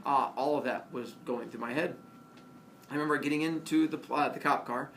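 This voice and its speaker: A middle-aged man telling a humorous personal story, laughing as he acts out the voices of the people in it. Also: fairly quick. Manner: animated, acts out voices of cops and friends with laughs. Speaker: storyteller speaking to a class. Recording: distant mic with faint rumble.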